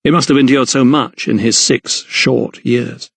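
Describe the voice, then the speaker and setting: A man narrating a historical mystery audiobook in a measured, even storytelling voice. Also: mid-range voice, creaky, slightly rough, no room sound. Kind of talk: scripted narration.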